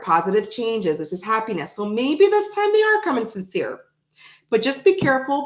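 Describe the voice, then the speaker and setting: A woman's voice: fairly high pitch, roomy sound, low-quality recording. A woman doing a casual tarot reading to the camera, thinking aloud and repeating her phrases as she pulls cards. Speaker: tarot reader.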